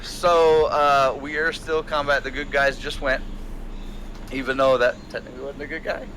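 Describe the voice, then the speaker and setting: A man's voice: mid-range voice, flat delivery, normal speed, fairly bright tone, slight background noise. A man narrating a tabletop role-playing game as game master, playful and often laughing.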